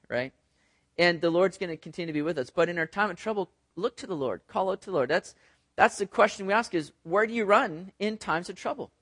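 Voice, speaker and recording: Animated high-voiced male pastor. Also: dry recording, studio quality. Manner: animated, talks to the congregation with asides and acted-out quotes. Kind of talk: conversational sermon.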